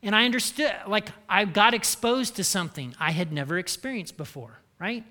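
A man from Indiana delivers a sermon and talks to the room as if in conversation, often tagging lines with "okay?" and "right?". His voice sits high and sounds bright and forward. It rings out with a long echo from a large hall. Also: moderate pace. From Indiana, United States. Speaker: preacher.

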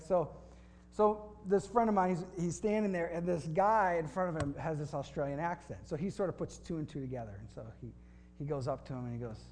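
A man's voice: high-pitched, a little hiss or hum. A man preaching a sermon, telling a story with dry humor and reading scripture aloud in a conversational way. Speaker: pastor.

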